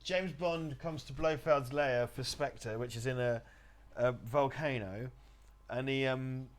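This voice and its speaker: A man's voice: medium pitch, steady tone, slow. A man co-hosting a casual livestream, joking and giggling as he riffs on a film. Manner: giggly, jokey, hums a spy theme jingle. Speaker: co-host riffing on a film.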